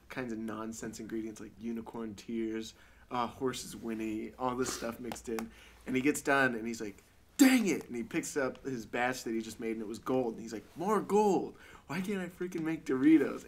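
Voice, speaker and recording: A man hosting a podcast, telling a rambling story in casual chat. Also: mid-range voice. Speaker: podcast host.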